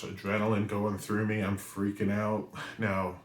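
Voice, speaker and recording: This spiritual reader and weekly message host, a New Englander in his forties, speaks in a lowish, unhurried voice. He is an animated storyteller, often pausing his monologue to ask the listener "right?", and the room audibly echoes around him.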